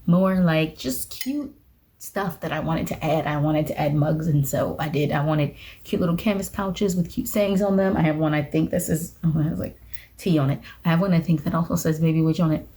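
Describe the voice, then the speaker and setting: Chatty, mellow-voiced young woman vlogger. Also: low-pitched, normal speed. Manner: chatty and self-deprecating, laughs at her own slips. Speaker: witchcraft vlogger. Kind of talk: casual talking-head vlog.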